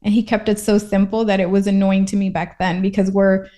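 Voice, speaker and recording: A woman's voice: medium pitch, flat delivery, a little fast, dark tone. A woman from Puerto Rico, a guest in a casual interview, talking in a reflective, thoughtful way.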